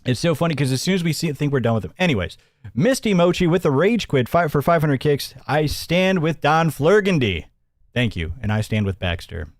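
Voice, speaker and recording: A man's voice: mid-range voice, big pitch swings, fast talker, dry recording, studio quality. A man hosting a livestream, rambling and mocking as he comments and thanks viewers, often chuckling. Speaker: host.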